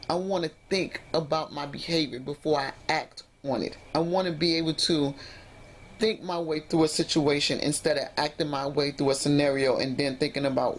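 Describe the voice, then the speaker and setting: A woman vlogger telling a personal story in an animated, emphatic way, acting out what people said. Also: fairly low pitch. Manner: animated, emphatic retelling with acted-out quotes. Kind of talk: casual storytelling vlog.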